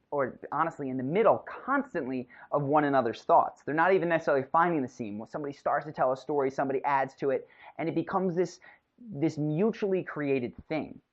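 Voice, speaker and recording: Animated male instructor, muffled audio. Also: fairly high pitch. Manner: explanatory, emphatic, acts out sample lines. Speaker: communication instructor. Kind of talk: recorded video lesson.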